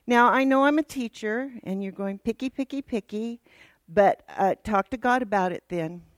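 A woman's voice: medium pitch, lively intonation, moderate pace, no echo. A woman Bible teacher giving a casual, teasing and direct church lesson to a worship team.

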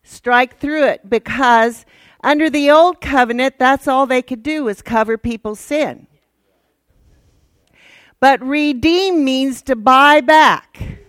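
A woman teaching in a church, casual and teasing but direct, with a fairly high voice. She speaks slowly and deliberately. The sound is dry and close. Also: a bit bright, no echo. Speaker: Bible teacher.

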